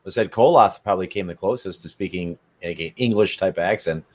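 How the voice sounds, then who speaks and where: A man's voice: low voice, a little fast, darkish tone. A man chatting casually as a guest, rambling loosely and swearing now and then. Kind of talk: casual chat.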